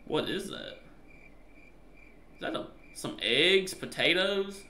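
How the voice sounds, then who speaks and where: A man with an American country accent, joking and chatting through a horror game as a streamer, loud when scared. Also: sits high, animated, slow pace, roomy sound, a little hiss or hum. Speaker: gaming streamer. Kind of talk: live gameplay commentary.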